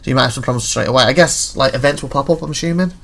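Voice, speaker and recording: A man's voice: medium pitch, racing, creaky, fairly bright tone. A man hosting a gaming video, rambling and thinking aloud as he reads through game menus. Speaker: gaming channel host. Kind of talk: casual gameplay commentary.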